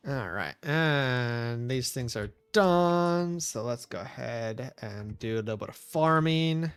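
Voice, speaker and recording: A man's voice: medium pitch, animated, slow pace, clear, resonant tone, soft background music. Chatty man streaming a game. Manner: rambling, chatty, talks softly to his pet. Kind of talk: casual chat while gaming.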